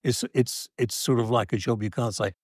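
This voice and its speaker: A man's voice: medium pitch, steady tone, normal speed, no room sound, studio quality. A middle-aged man with a Geordie accent, rambling and self-deprecating in a casual chat with his wife.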